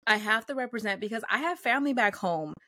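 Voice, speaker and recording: A woman talking as a guest in a casual interview, animated and chatty, full of fillers and acting out what others say. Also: fairly high pitch, fast talker, no room sound. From United States, first-generation Salvadorian. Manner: animated, chatty, many fillers, acts out quotes.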